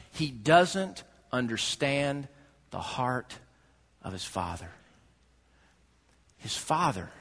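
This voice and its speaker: A man delivering a sermon with a husky, slightly high voice. He preaches dynamically, dropping to near hush before climbing to loud, emphatic peaks. The sound rings with the long reverb of a large hall. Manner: dynamic preaching, swings from hushed to shouting. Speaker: pastor.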